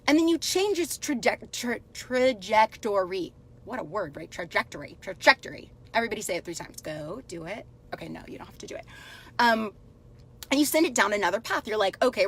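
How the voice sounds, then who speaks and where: Upbeat chatty woman coach, slightly high voice. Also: a bit bright. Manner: chatty and upbeat, talks straight to commenters. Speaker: life coach hosting a live stream. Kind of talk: casual live-stream coaching talk.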